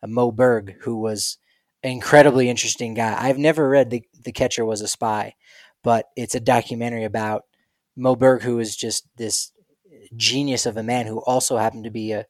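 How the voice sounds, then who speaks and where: A man co-hosting a podcast chats casually at medium pitch, keeping a steady tone and moderate pace. He tells stories using playful quoted voices, and there's no room sound.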